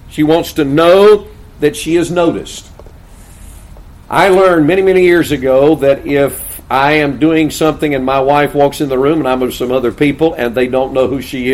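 An older man preaching a sermon in a folksy, storytelling manner, moving between loud emphatic points and quiet, low asides. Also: rough recording. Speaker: pastor.

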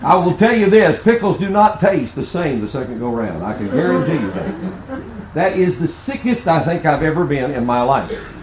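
A male preacher delivers a sermon full of folksy, humorous stories. His voice sits fairly high and swings up and down with animated energy. The sound carries the roomy echo of a large church hall. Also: normal speed, background noise. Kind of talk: sermon with humorous personal storytelling.

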